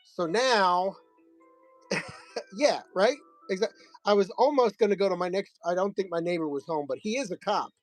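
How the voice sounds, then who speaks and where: A man's voice: high voice, moderate pace, faint music behind, rough recording. A man hosting a live comic sale, telling a rambling, profane story in a casual way.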